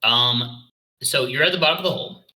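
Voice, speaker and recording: Bright-voiced dungeon master. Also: male voice, mid-range voice, fairly quick, rough recording. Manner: apologetic, self-correcting rulings. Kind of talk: running a tabletop game.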